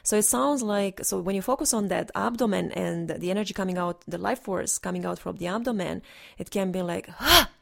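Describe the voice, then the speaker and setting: A woman's voice: medium pitch, a little fast, vocal fry, darkish tone. A woman energy healer in a casual, rambling monologue, earnest and instructive, with frequent restarts.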